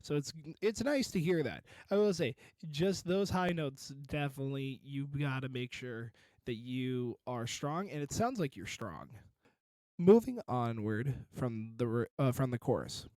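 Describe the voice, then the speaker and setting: A man's voice: medium pitch, expressive, measured pace, darkish tone, no room sound. A man reviewing a song in casual commentary, encouraging and detailed about vocal technique.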